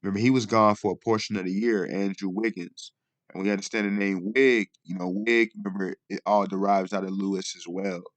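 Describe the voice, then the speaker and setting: A man's voice: deep voice, steady tone, fairly quick, no room sound. A man hosting a casual commentary vlog, talking in a rambling way and often asking "you know what I mean". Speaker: video host.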